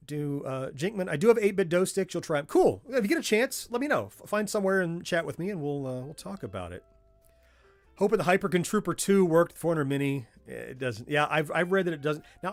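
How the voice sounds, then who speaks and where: A middle-aged man with a Southern US accent, hosting a casual livestream from a home workspace and chatting in a way that wanders off on tangents. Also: fairly high pitch. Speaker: livestream host.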